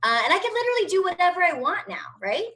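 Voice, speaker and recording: A woman's voice: extremely high pitch, big pitch swings, fast, sharp tone, low-quality recording. A woman in her thirties doing a brash, profane stand-up routine from home over a video call. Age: 30s. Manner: brash, profane, chatty storytelling. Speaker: stand-up comedian.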